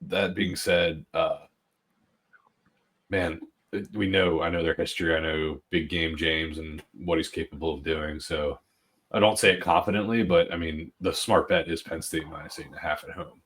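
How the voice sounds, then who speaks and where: Deep husky man talking bets. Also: steady tone, normal speed, a bit bright. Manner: hesitant, filler-heavy betting talk. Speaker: podcast co-host. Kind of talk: casual sports chat.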